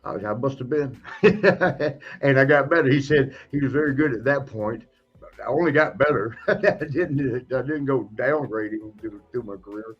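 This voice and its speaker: Man, husky, casual storyteller, laughing, lo-fi, faint music. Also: mid-range voice, normal speed. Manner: laughing, animated storyteller acting out other people. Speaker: podcast guest, retired wrestler.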